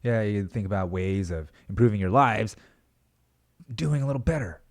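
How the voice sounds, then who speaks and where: A man's voice: fairly low pitch, animated, moderate pace. A young adult man hosting his own podcast, talking in a rambling, self-mocking way and swearing casually. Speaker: podcast host. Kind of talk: casual solo podcast monologue.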